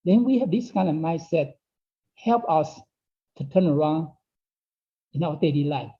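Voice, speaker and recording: With a slightly high, dark-toned voice and lively intonation, a man teaches an online Dao study class at a measured pace. He uses non-native English phrasing, repeats phrases, and keeps asking listeners "okay?". The recording is dull, lo-fi class audio.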